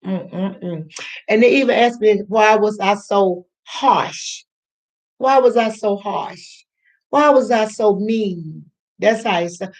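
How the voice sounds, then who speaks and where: Slow-talking older woman telling a story. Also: medium pitch, expressive. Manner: slow, chatty, repeats herself, acts out quoted voices. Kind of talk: casual storytelling to camera.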